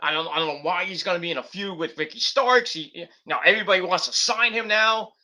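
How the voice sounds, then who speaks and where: A man's voice: high voice, quick pace, pushed and bright. A man giving a casual, rambling wrestling review monologue, full of fillers and restarts.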